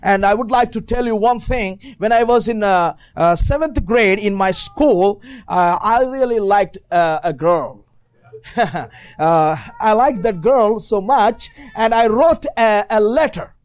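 High-voiced preacher with non-native English. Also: male voice, slow. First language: not English. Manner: many fillers, rising to shouted praise. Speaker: visiting preacher. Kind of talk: sermon.

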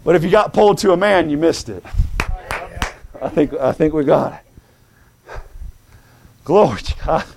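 A male preacher giving a fervent sermon, calling out to the congregation and swinging between shouting and hushed tones. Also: a little high, animated, unhurried, vocal fry, long pauses, a little hiss or hum.

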